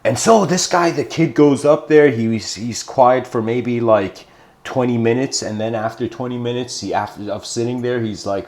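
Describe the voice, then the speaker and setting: A man's voice: medium pitch, moderate pace, a little mellow. Rambling man in an echoey room. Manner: rambling, self-correcting, many "you know" fillers. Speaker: lecturer. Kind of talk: informal philosophical talk.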